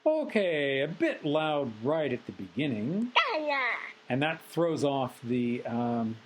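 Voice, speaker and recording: A man teaching a recorded software tutorial lecture, methodical and explanatory with frequent ums. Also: mid-range voice, big pitch swings, slow pace, rough recording. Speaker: instructor.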